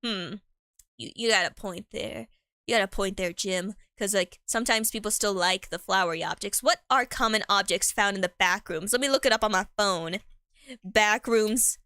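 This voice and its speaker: Young woman streamer, giggly and rambling, bright higher voice, dry close sound. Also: no echo. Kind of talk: improvised role-play chat.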